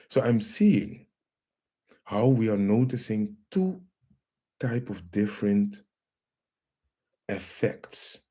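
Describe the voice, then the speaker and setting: Slow, low-voiced man hosting a live stream. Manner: slow, calm, repeats phrases, addresses viewers as family. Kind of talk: casual live stream demonstration.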